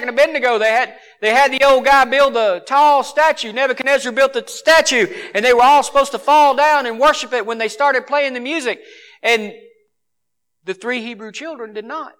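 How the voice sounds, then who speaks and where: A man preaching a sermon, swinging from forceful exhortation to hushed earnestness. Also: very high voice, clear, resonant tone.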